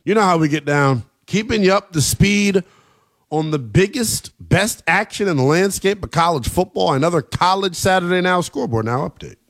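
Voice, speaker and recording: A man hosting a late-night college football radio show, talking in an animated, emphatic way with plenty of slang. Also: sits high, moderate pace. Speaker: sports radio host.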